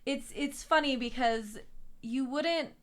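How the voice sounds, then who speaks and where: A woman's voice: sits high, slow pace, fairly bright tone. Earnest woman from New Mexico, chatting. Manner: earnest, reflective, laughs often. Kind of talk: casual chat.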